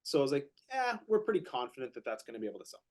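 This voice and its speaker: A man's voice: medium pitch, rapid-fire. A man co-hosting a podcast, telling a real estate story in casual chat, repeating words as he gets going and acting out what others said. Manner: animated, repeats words when excited, acts out quotes.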